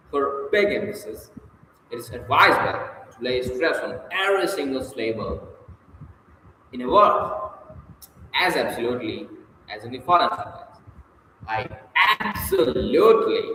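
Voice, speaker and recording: A man's voice: medium pitch, lively intonation, normal speed, pauses often, sharp tone, a little hiss or hum. A man reading a public speaking textbook aloud, with occasional stumbles and self-corrections. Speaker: audiobook reader. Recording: echoey hall with long reverb.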